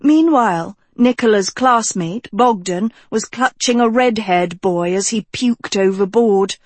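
A woman narrating a storybook in a measured, expressive way. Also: medium pitch, breathy edge, no echo. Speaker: audiobook narrator.

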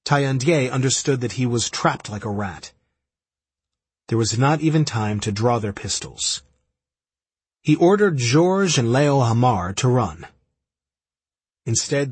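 Husky man narrating a grave history. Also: mid-range voice, dry recording. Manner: grave, measured storytelling. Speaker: audiobook narrator. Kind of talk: scripted narration.

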